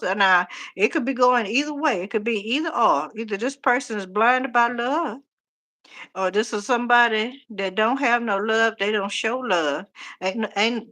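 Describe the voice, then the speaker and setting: A middle-aged woman, casually reading tarot on a live stream, animated and talking straight to viewers. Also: medium pitch. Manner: chatty, animated, talks to viewers directly. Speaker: tarot reader.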